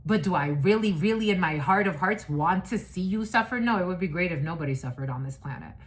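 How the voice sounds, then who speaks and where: A woman's voice: lowish voice, lively intonation, fairly quick. Woman psychic reader, casual monologue, blunt, profane, rambling, laughs a lot. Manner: rambling, with many restarts. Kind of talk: casual spiritual reading monologue.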